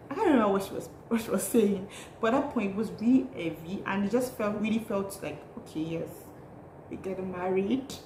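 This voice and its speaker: A young Nigerian woman tells a story in a bubbly, chatty vlog, laughing often. Her voice is mid-range and darkish, and the recording has a roomy echo with faint noise.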